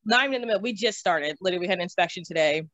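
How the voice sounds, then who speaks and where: Animated young woman telling stories. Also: lowish voice, very fast, dry recording. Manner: animated, laughs often, swears casually. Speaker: interview guest. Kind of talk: casual storytelling. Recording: slightly dull, dry recording.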